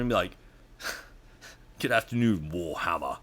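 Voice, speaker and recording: A man's voice: on the low side, expressive, a little fast, crowd noise. A young man telling stories in casual chat, rambling and swearing a lot, with many fillers. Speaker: podcast guest.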